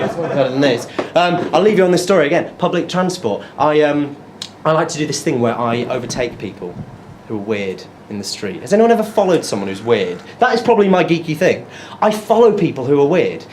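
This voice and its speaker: A young man performs stand-up, telling a story and acting out his own lines. His pitch sits a little high and swings widely. The room is echoey, with a lively crowd around him. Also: a little fast, noisy background. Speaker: stand-up comedian. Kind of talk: stand-up comedy set. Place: comedy club stage. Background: audience laughter.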